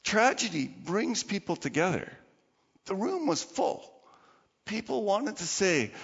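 A man, a pastor, preaching a sermon with animated storytelling and acted-out voices. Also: sits high, a little slow, vocal fry, husky, big-room sound, lo-fi sound. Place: church.

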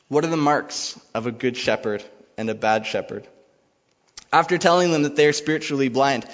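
A man's voice: medium pitch, fairly bright tone. A man preaching a sermon, reading scripture and retelling it in a loose, conversational way. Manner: conversational, paraphrases dialogue casually. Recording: dull lo-fi sound with long reverb.

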